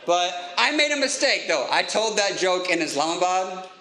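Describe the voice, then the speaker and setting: A man telling self-mocking stories in a stand-up comedy set, chatty with quick asides. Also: high voice, very animated, pushed and bright, roomy sound. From United States.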